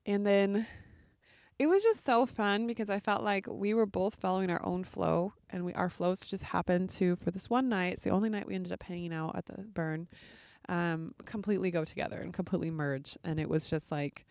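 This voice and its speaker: A woman's voice: lowish voice, normal speed, creaky, darkish tone, smooth, no room sound. A woman hosting a podcast, telling a personal story in a casual, chatty way full of filler words. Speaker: podcast host.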